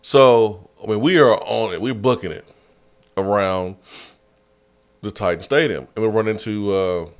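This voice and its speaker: Male sports talk host, low voice, loose and animated, studio mic. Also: clean tone. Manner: animated, laughing storyteller. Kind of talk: casual storytelling. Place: radio studio.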